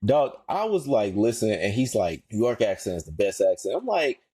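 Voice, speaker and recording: A man's voice: on the low side, fairly quick, slightly rough, no room sound. A man co-hosting a casual podcast, slangy and emphatic, repeating himself for effect. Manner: animated, slangy, emphatic repetition. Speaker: podcast co-host.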